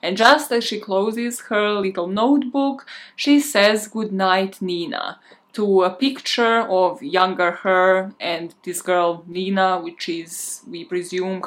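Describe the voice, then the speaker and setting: A woman podcast host casually recapping a movie in a chatty way, with a lot of "like". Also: medium pitch. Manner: chatty, with frequent filler "like".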